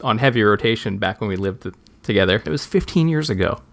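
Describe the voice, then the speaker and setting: A man's voice: lowish voice, animated, quick pace, gravelly. A man co-hosting a podcast in casual chat, teasing his co-host and musing in a dry way.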